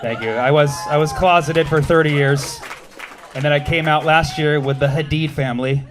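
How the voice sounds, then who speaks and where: A man in his thirties from the United States doing a stand-up set, animated and punchy, with shouted bits and quick asides to the crowd. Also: a little high, a little hiss or hum. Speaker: stand-up comedian.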